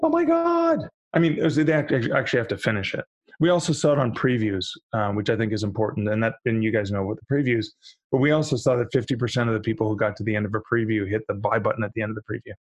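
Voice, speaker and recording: Husky-voiced man chatting animatedly. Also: fairly low pitch, very fast, no echo, dull audio. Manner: animated, acts out quoted voices, frequent restarts. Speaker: podcast guest, publishing industry veteran. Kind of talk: casual podcast conversation.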